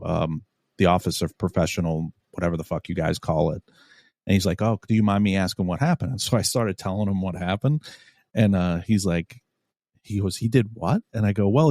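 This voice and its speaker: A man hosting a podcast, telling a story in a casual, animated, profane way and acting out what people said. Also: sits low, a little fast, no room sound, clean studio sound. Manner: animated, profane, acts out quotes. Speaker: podcast host.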